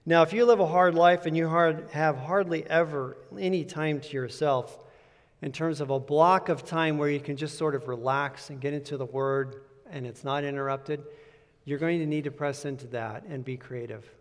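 Slightly high-voiced pastor in a reverberant hall. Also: male voice, fairly even intonation, normal speed. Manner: earnest, conversational preaching with emphatic repetition. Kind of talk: sermon. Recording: long reverb of a large hall.

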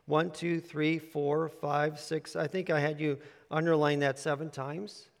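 A pastor with a slightly high, gravelly voice preaches unhurriedly in a level tone, working from handouts. He is emphatic and repetitive, telling listeners to underline words, and a long hall reverb surrounds him.

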